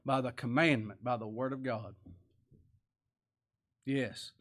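A man preaching a sermon, swinging from loud, high exclamations down to quiet, soft asides. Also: steady tone, slow pace. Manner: preaching with sudden rises in pitch and volume, dropping to quiet asides. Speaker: pastor.

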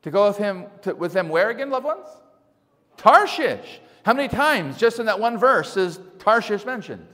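A man preaching a sermon as pastor, speaking in an animated way and asking his congregation rhetorical questions. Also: high-pitched, fairly quick, few pauses. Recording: long hall reverb.

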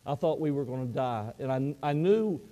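A man's voice: medium pitch, expressive, moderate pace, dark tone, close to an everyday voice. A man voicing a frightened, ashamed teenage boy football player whose voice quivers as he confesses. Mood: desperate confession.

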